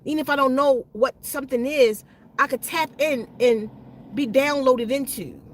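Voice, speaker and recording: High-voiced woman telling a story. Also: normal speed, slight background noise. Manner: slangy, repeats and restarts words, acts out quoted voices. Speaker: channel host. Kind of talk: animated personal storytelling.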